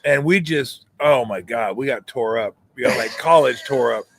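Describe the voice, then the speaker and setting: A man's voice: medium pitch, moderate pace. A middle-aged man hosting a sports talk show, telling jokey stories in casual chat. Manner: storytelling, jokey, animated retellings. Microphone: streaming call mic.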